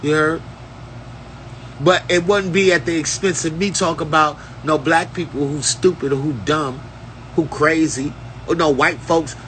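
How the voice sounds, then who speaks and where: A man's voice: on the high side, fairly even intonation, moderate pace, a bit bright, a little hiss or hum, low-quality recording. A man at home giving a rambling, profane, streetwise monologue in a freewheeling casual style. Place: at home, indoors.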